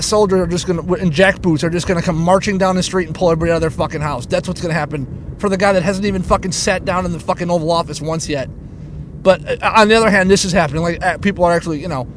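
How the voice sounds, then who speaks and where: Brief: high-pitched male podcast host, foul-mouthed rant from his car, low road hum underneath. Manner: profane, fast-shifting, stumbling restarts. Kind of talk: casual ranting monologue. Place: inside a moving car. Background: engine rumble of the car.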